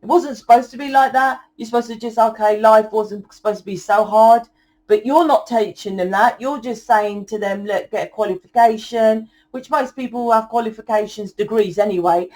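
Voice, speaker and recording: A young woman giving a channeled tarot reading in a forceful, blunt lecturing way, swearing often. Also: a little high, moderate pace. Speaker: tarot reader.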